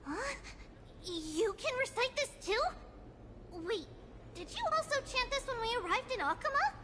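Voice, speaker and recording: Tribbie, a squeaky bubbly priestess. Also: female voice, big pitch swings, moderate pace, sharp tone, heavily acted. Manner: bubbly and teasing. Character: cheerful, childlike young priestess, playful. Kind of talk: voiced game dialogue.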